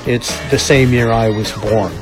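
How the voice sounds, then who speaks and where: An older man in his seventies chatting as a radio co-host, rambling and making folksy jokes as he searches for words. His pitch sits in the middle range, with a faint music bed underneath. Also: fairly even intonation, measured pace. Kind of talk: radio segment chat.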